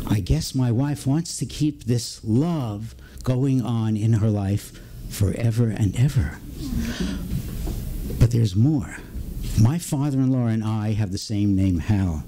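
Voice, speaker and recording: An older man telling a personal story on stage at a story slam, with dramatic pauses and acted-out dialogue. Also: medium pitch, noisy background.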